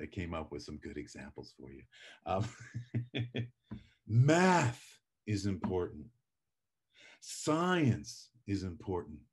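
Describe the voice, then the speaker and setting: A man's voice: lowish voice, a little mellow. A middle-aged man teaching public speaking in a live lecture, chatty and self-deprecating, acting out his examples with drama.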